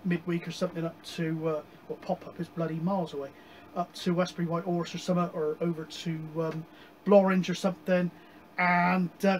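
A man casually chatting about his radio hobby, rambling with many pauses and digressions. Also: high-pitched, a little hiss or hum, low-quality recording. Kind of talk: casual chat.

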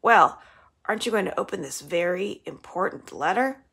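A woman's voice: fairly low pitch, lively intonation, normal speed, creaky, a bit bright, breathy edge, exaggerated voice. A woman reading aloud, voicing a spoiled, scheming rich girl with a mock-sweet, taunting manner.

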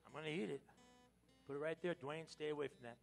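An American man preaches in a church sanctuary, animated and playful with his congregation. His voice sits fairly high and has a gravelly edge. Quiet guitar plays behind him. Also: quick pace. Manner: animated, joking with the congregation, sudden loud exclamations. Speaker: pastor. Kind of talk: lively Palm Sunday sermon.

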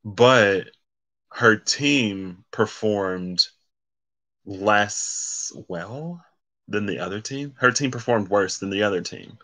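A man's voice: lowish voice, slow pace, pushed and bright. A man giving a casual solo card reading, rambling and correcting himself as he reads card meanings aloud. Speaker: tarot card reader.

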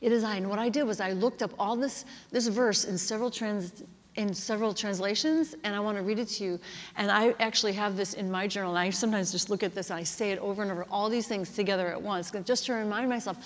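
A woman's voice: mid-range voice, quick pace. A woman pastor preaching a sermon in an earnest, conversational way, often saying "like" and "kinda.". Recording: long hall reverb.

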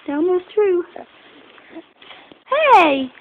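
A woman's voice: extremely high pitch, very slow, phone-quality sound. A woman filming at home and talking to her small children in a coaxing, sing-song baby-talk voice. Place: family home. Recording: noisy home video.

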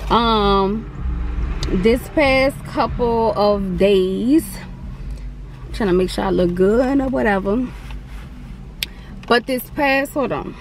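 A woman's voice: fairly high pitch, slow, long pauses, slight background noise. Chatty young woman vlogger. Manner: chatty, rambling, slangy. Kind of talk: casual mukbang vlog chat.

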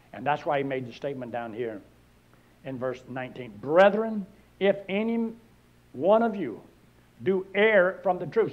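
A male pastor preaching a sermon, with animated delivery, rhetorical questions, and loud, drawn-out scripture readings. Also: a little high, dull audio.

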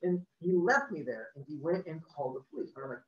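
A man casually telling a personal story, acting out the people in it with lively energy. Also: fairly high pitch, fast talker, a little hiss or hum. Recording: roomy, distant, muffled video-call audio.

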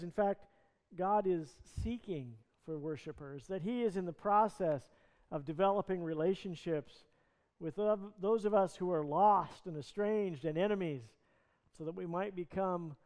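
A man's voice: high-pitched, normal speed, a little mellow. A male pastor preaching a sermon, retelling a scripture story in earnest, conversational words. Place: church sanctuary. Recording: long reverb of a church hall.

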